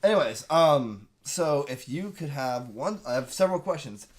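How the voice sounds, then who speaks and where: A man's voice: medium pitch, lively intonation, normal speed. A man on a casual podcast introducing a topic, hesitant and full of restarts as he poses his questions. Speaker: podcast co-host bringing the topic. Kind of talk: casual chat.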